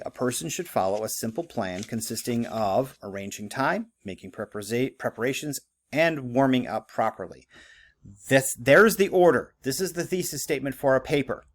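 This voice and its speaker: A man teaching writing in a conversational lecture, with many fillers and frequent "okay?" checks. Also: mid-range voice. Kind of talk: recorded classroom lecture.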